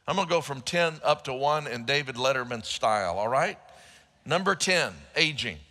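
A man's voice: mid-range voice, animated, fairly quick, sharp tone. A man preaching a sermon to a congregation, joking with them as he speaks from a large church auditorium. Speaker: pastor. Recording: live church hall reverb.

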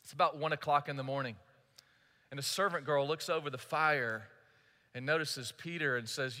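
In a church sanctuary, a male pastor preaches a sermon, earnestly telling a story and addressing the congregation directly. His voice is on the high side, bright, and forceful, moving fairly quickly, and the echoey church hall comes through in the recording.

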